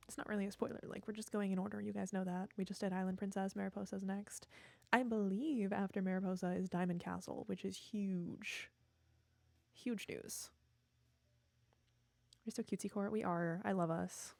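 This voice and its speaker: A woman's voice: medium pitch, fairly even intonation, normal speed, gravelly, warm tone, no room sound. A young woman streamer chatting casually with her viewers, chatty and self-mocking, often laughing at herself.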